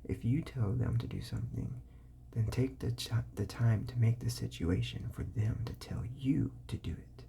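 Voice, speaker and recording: Gravelly, dark ASMR whisper. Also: mid-range voice. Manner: soft whisper, slow sounding-out of words; casual, with fillers and self-corrections. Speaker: ASMR host giving parenting advice.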